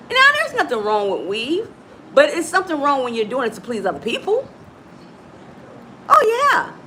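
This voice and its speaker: A middle-aged woman from Chicago, a motivational coach giving an animated, preachy talk straight to her listeners. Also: on the high side, a little hiss or hum, low-quality recording. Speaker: motivational coach and podcast host.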